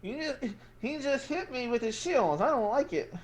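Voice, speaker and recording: A man voicing small noble gnome children of about six, in a high, whiny, childish voice. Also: animated, moderate pace, crowd noise. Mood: teasing. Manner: high, childish, whining and pleading.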